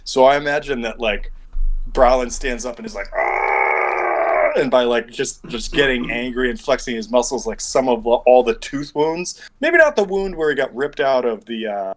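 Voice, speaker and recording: A man's voice: medium pitch, animated, moderate pace, a little hiss or hum, low-quality recording. A man running a tabletop game as game master over an online call, rambling and thinking aloud as he works out dice math.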